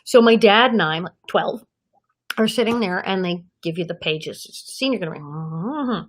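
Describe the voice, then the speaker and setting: Lively woman telling stories in an interview. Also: on the low side, normal speed. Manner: lively storyteller who acts out the people she quotes. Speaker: guest actress. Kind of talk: anecdotal interview storytelling.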